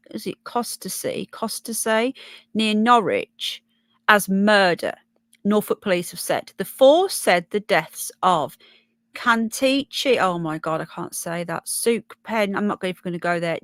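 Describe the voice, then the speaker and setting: Brummie woman livestream host, mid-pitched, chatty and rambling, dry close mic. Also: no room sound. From Birmingham, England. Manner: chatty, thinks aloud, stumbles over names. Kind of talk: casual live chat reading news and viewer comments.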